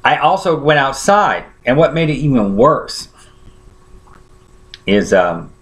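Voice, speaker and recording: Man of medium pitch preaching in a chatty storytelling style, checking in with the congregation. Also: sing-song, slow, a bit bright. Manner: conversational, often checks in with listeners. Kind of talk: sermon storytelling.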